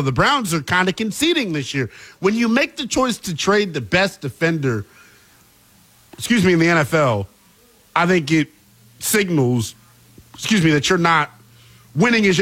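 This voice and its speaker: A man co-hosting a sports talk show, animated and opinionated with a playful, teasing manner. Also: sits high.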